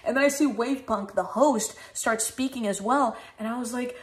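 A woman streamer telling a story in a casual, animated way, swearing often and acting out how she reacted back then. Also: on the high side, normal speed. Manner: animated, swears often, acts out her own past reactions.

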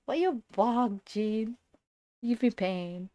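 A woman's voice: medium pitch, expressive, unhurried, darkish tone, no echo. A young adult woman on a casual livestream. She greets viewers, giggles often, and stumbles over repeated words.

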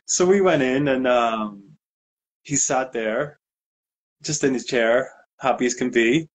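A guest DJ in a casual interview tells an animated story, slowly and in a mid-range voice. He acts out the quotes and uses lots of fillers.

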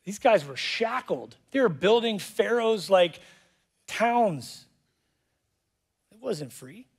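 A man preaching a sermon as pastor, animated and jokey, acting out voices in quotes. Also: high voice, takes it slowly, husky. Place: church auditorium.

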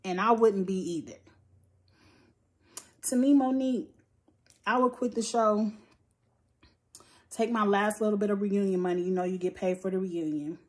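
This woman talks through a reality show recap like she's venting to a friend. She is blunt and swears freely, and her delivery stays animated throughout. Her voice sits at an ordinary mid pitch. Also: moderate pace, long pauses. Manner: blunt, profane, animated storytelling. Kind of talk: casual opinionated commentary.

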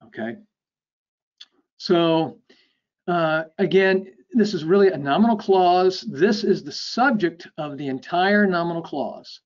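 A man giving an academic lecture. He explains step by step, checks in with a frequent "okay?", and lets his phrase ends drop off softly. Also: on the high side, lively intonation, unhurried. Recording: dull lo-fi lecture recording.

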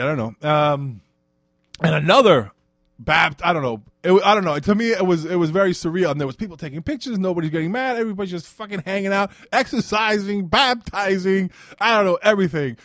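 Rambling Brooklyn man, high dry voice. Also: no room sound. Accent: Brooklyn New York. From Brooklyn, New York. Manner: rambling, swears freely, often trails off into "I don't know". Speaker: podcast host. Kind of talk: casual rambling monologue.

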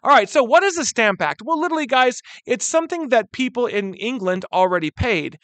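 Animated male history teacher lecturing. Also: high-pitched, dry recording. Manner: animated, keeps addressing students as "guys". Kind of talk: classroom lecture.

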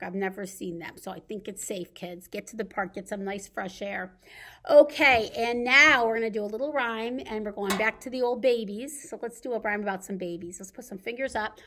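A woman's voice: a little high, fairly bright tone. A woman leading a baby storytime as a children's librarian, reading picture books and rhymes in a playful sing-song way with gasps and sound effects.

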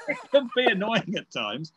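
A man's voice: sits high, huge pitch swings, a little slow, pushed and bright, a little hiss or hum. A man in his fifties, interviewed as an electronic musician, talking in a rambling, casual way with lots of fillers and restarts. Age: 50s. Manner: rambling, many fillers and restarts, laughs while telling stories. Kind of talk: casual chat.

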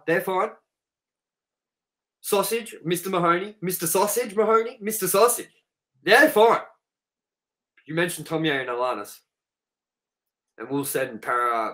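Rowdy Australian man, bright voice. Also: fairly high pitch, rough recording. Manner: rowdy, swearing, jokey. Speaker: podcast co-host. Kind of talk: casual podcast banter.

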